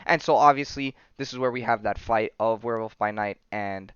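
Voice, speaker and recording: A man's voice: on the low side, brisk, fairly bright tone, clear, resonant tone, dry recording. A male podcast host casually recapping a comic story, rambling with lots of fillers, on a slightly muffled recording. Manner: rambling, filler-heavy, says "you know" and "right".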